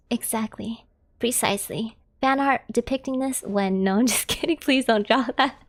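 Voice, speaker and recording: A giggly young American woman with a high voice, chatting away on her live stream. She talks casually and laughs often between remarks.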